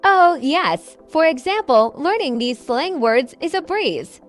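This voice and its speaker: A woman's voice: sits high, big pitch swings, slow, soft background music. A woman co-hosting a scripted English lesson podcast, upbeat and explaining phrases with examples. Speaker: co-host and English teacher.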